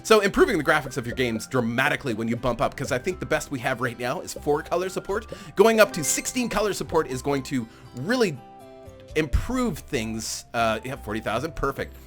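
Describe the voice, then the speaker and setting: Chatty man doing lively gameplay commentary. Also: medium pitch, fairly quick, soft background music. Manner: chatty, rambling, self-amused, laughs often. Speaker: gaming channel host.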